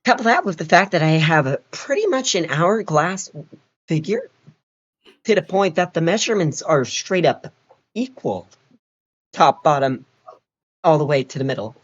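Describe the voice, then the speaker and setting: A young man in his late teens with a naturally high voice, chatting casually with a friend on a call and playfully shifting his pitch around. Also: sing-song, moderate pace, pauses often, muffled recording. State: dry mouth. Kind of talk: casual chat.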